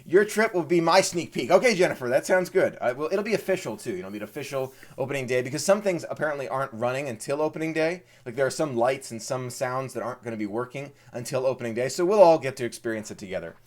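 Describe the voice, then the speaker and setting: A man from Maryland hosting a live stream, casually chatting and greeting viewers. He sounds eager and excitable and often repeats words. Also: mid-range voice, fast, hardly any pauses.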